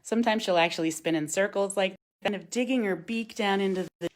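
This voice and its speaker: A woman with a somewhat low voice leads a live-streamed feeding demonstration at a wildlife center. She slips into coaxing, sing-song talk with the birds between calm explanations. Now and then she reads out and thanks viewer comments, filmed on a phone camera. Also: a little fast.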